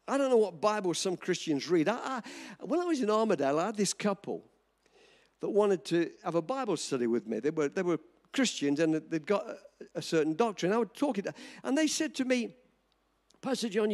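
A man preaching a sermon as pastor, joking with the congregation and pressing his points with emphasis. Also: high voice. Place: church hall. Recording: long reverb of a church hall.

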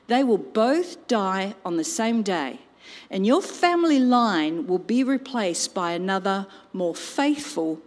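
A woman voicing a stern male prophet, proclaiming slowly and gravely. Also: medium pitch. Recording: long reverb.

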